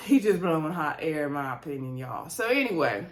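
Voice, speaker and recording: A woman's voice: low voice, big pitch swings, a little fast. Chatty, opinionated woman recapping a show. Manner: chatty and opinionated, slangy asides, frequent laughs. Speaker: reality TV recap vlogger.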